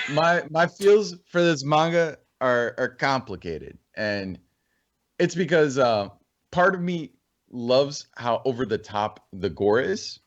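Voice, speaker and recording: Man, podcast co-host, lively pitch, rambling, thinking aloud, lo-fi sound. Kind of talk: casual chat.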